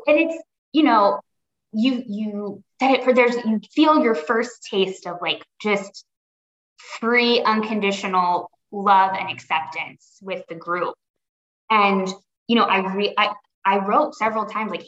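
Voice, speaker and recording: A woman guest on a podcast, speaking earnestly and thoughtfully and often stopping to rephrase. Her voice sits at an ordinary pitch and sounds roomy. The audio is dull and lo-fi. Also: a bit bright. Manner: earnest and reflective, pausing to rephrase. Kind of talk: personal story in a podcast interview.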